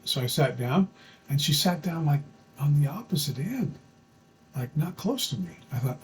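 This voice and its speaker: A man's voice: fairly high pitch, expressive, moderate pace, slight background noise, rough recording. A man telling a true story from his own life in a chatty, folksy way, with plenty of fillers and restarts. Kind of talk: casual personal storytelling.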